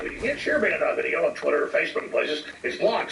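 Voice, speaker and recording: A man hosting a political talk show, blunt and forceful, cutting in to finish his guest's points. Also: on the high side, lively intonation, fast, vocal fry, few pauses. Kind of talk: combative political talk radio. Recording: echoey, distant, noisy studio feed.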